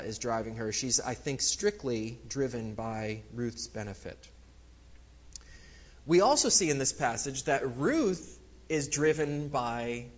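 A man giving a casual, lively Bible lecture, with many fillers, acting out the quoted lines. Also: mid-range voice, muffled recording. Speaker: Bible teacher. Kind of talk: lecture on scripture.

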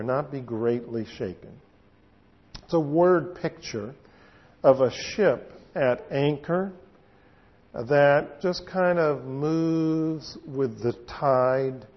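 A man preaching a sermon and teaching through scripture, unhurried, with frequent fillers. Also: a little high, lo-fi sound. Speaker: pastor.

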